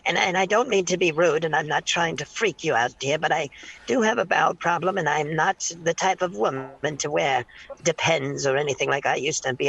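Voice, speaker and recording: Brief: man putting on a high, crackly 87-year-old prank-call granny, sweetly demanding. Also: gravelly, a bit bright, husky, dull audio, full character voice. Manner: sweetly insistent, repeating "dear", crude. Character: pushy 87-year-old woman who calls everyone dear. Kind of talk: prank call role-play.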